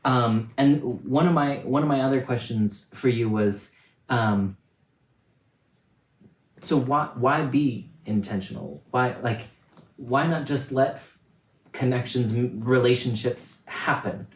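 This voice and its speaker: A man's voice: mid-range voice, slow pace. A man interviewing in a casual conversation, asking curious, probing questions. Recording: echoey, distant mic, faint noise.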